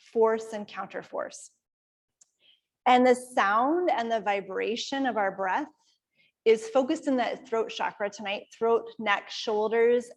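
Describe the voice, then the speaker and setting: A woman from Iowa, a kundalini yoga teacher, calmly explaining breathing and practice to a class in a conversational way. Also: fairly high pitch. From Iowa, USA. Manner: calm, conversational, explaining step by step. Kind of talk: guided yoga class instruction.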